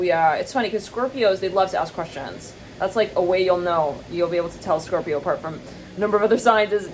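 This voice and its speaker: Chatty woman doing a casual tarot reading. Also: a little hiss or hum. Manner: chatty, rambling, laughs often, acts out quoted people in high squeals. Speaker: tarot reader.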